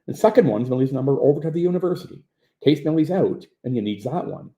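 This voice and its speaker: A woman's voice: a bass voice, animated, fast talker, mellow, reverberant, pitched above the performer's own voice. A man voicing a friendly, motherly telephone operator woman with a Newfoundland accent and sing-song, chatty dialect. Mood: warm chatty.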